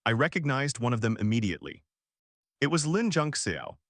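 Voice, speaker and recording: A man narrating a storybook with a lively, expressive telling. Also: mid-range voice, fairly quick, no echo, studio quality.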